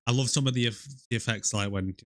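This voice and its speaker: A man's voice: mid-range voice, quick pace, no echo, clean studio sound. A man from Britain, co-hosting a casual movie review podcast, laughing often and keeping it loose. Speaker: podcast co-host.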